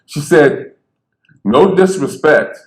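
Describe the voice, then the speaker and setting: A man who stutters, telling stories on stage in a lively, conversational way and acting out the people he quotes. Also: fairly high pitch, slow. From Bridgeport, Connecticut. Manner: animated, conversational, acts out quotes. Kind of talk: storytelling talk. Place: theater stage. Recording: echoey theater.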